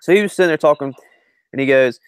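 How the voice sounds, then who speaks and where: A man co-hosting a sports podcast in loose, rambling chat, often stopping to correct himself. His voice is smooth and clear. The recording is dry and close. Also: a little high, fast talker, no echo. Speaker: podcast co-host and writer.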